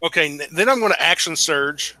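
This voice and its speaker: A man with a high, very bright voice, playing a tabletop game. He declares his moves eagerly and jokes along the way. The recording is dry and close. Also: expressive, fairly quick, no room sound. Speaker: player.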